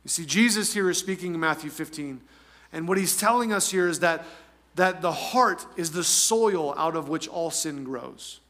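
A male pastor preaching with a high, bright, forceful voice. He stacks repeated phrases for emphasis and drops into casual asides with restarts. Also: animated, normal speed. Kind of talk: sermon.

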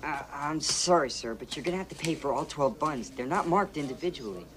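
An actress playing a polite checkout clerk in a film scene, apologetic in manner. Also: female voice, sits low, animated, fairly quick, a crowd in the background.

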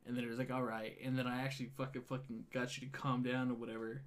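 This storyteller has a medium-pitched, level-toned voice and talks fast. Chatting casually with a friend, he recounts a wild night full of swearing, performing the lines people said.

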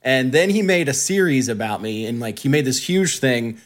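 A man's voice: medium pitch, animated, moderate pace. A man telling a mocking story in casual podcast chat, laughing often. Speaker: podcast co-host.

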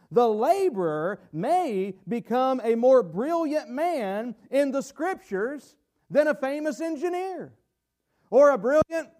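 A man's voice: extremely high pitch, a little mellow. A man with a Southern American accent preaching a sermon, folksy and digressive, breaking into emphatic bursts. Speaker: pastor.

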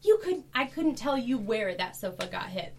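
A woman guest on a podcast, telling stories in a casual, animated way, laughing often and acting out what people said. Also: a little high, normal speed, gravelly. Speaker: podcast guest, vintage furniture dealer. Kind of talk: casual storytelling chat.

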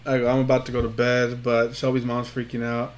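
A man's voice: medium pitch, completely flat delivery, brisk. Man telling a swear-laden story. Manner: rambling storyteller, swears a lot, acts out quotes. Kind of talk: casual chat between friends.

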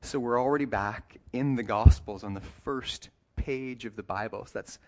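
A man preaching a sermon as pastor, talking in a relaxed, conversational way with light jokes and quick self-corrections, and slowing down to read scripture deliberately. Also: medium pitch. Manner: reads scripture passages slowly and deliberately.

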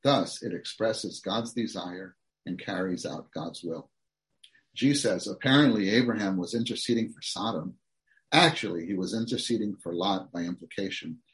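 Earnest male preacher reading sermon notes. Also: fairly low pitch. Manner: reads outline points aloud, then expounds earnestly to the congregation.

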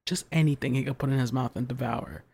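A podcast co-host telling funny stories in an animated, exasperated way. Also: mid-range voice, fast, breathy edge. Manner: animated storytelling, exasperated humor. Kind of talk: casual chat.

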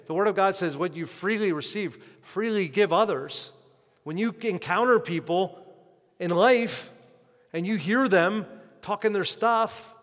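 A male pastor delivering an impassioned sermon, with sudden shifts in loudness and pace. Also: high voice, in a large hall. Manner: impassioned preaching with sharp swings in loudness and pace.

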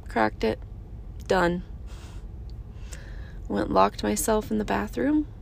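A woman's voice: medium pitch, takes it slowly, vocal fry, a little hiss or hum. A woman in her thirties hosting a casual monologue, earnest and emphatic, repeating short phrases. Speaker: podcast host.

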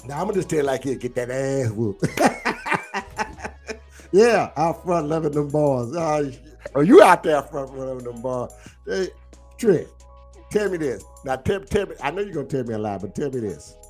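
A man's voice: mid-range voice, expressive, moderate pace, a little mellow, soft background music. A middle-aged man, teasing his viewers in boisterous, laughing trash talk on a live stream. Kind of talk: casual live-stream banter.

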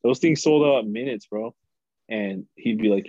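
A man's voice: on the low side, normal speed, dry recording, dull audio. A man telling stories from an old retail job on a podcast, acting out the people in them and swearing freely. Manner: animated storyteller, acts out voices, swears freely. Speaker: guest telling work stories. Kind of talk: casual podcast storytelling.

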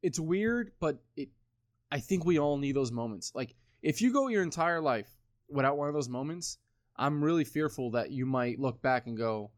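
A man's voice: mid-range voice, lively intonation, normal speed, no echo, clean studio sound. A man in his twenties talking casually, rambling with lots of swearing and filler words. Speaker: podcast co-host. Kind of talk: casual chat.

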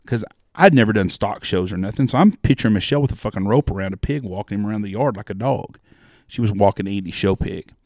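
Gravelly fast-talking man. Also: on the low side, darkish tone, dry recording, clean studio sound. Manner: profane, rambling storyteller. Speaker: podcast co-host. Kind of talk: casual chat.

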